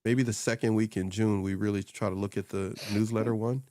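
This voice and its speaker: A man with a somewhat low voice talks loosely and animatedly as a co-host, often laughing and slipping into voices to quote people. He sounds close and dry, as if recorded in a small home studio. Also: steady tone, brisk, warm tone, no echo. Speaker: podcast co-host and social media coach. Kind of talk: casual chat.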